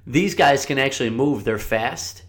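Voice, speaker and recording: A man's voice: mid-range voice, normal speed. A man co-hosting a podcast, teasing and laid-back in a casual sports chat. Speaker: podcast co-host.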